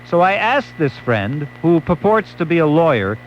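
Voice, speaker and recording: A man's voice: on the high side, big pitch swings, normal speed, slight background noise. A male late-night radio host, telling a wry story and acting out quotes. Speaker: radio talk show host. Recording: dull lo-fi AM radio recording.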